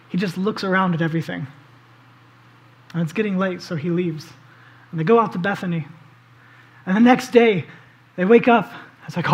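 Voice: medium pitch, brisk, pauses often, muffled recording. A preacher giving a conversational sermon, telling a scripture story vividly and inviting listeners to picture the scene, with casual fillers along the way. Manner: casual, with frequent "like" and "um".

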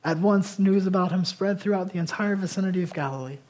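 A man preaching a passionate sermon, swinging between loud emphasis and quiet intensity. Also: sits high, quick pace. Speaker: pastor.

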